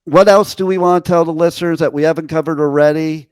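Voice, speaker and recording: A man's voice: a little high, steady tone, fast, smooth, no echo. A middle-aged man, a radio host, telling brash stories and swearing freely in a casual interview.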